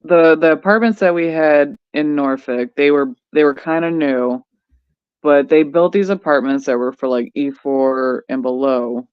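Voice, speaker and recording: A voice in casual chat as a veteran podcast co-host, blunt and profane, laughing often. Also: male voice, a little high, fairly even intonation, unhurried, smooth, no echo, muffled recording.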